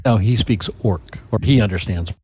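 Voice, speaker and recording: A man's voice: fairly low pitch, moderate pace, a little mellow, slightly rough. A man taking part as a player at a tabletop game, speaking in a hesitant casual way.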